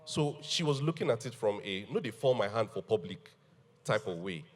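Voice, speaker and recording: Guy on a panel telling a story, kinda low voice, lots of laughing, hall echo and a bit of hiss. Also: moderate pace. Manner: animated, laughing storyteller who acts out quotes. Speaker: guest.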